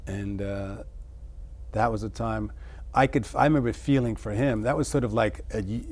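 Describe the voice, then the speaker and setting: A middle-aged man, an interview guest, musing over childhood memories in a halting way, with many restarts. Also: lowish voice, a little mellow. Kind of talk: reflective personal storytelling.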